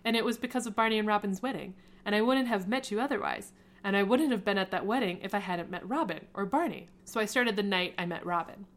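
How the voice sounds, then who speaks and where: A woman reading the lines of an earnest, lovesick middle-aged father, in an animated read-aloud manner. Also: medium pitch, fast, natural voice.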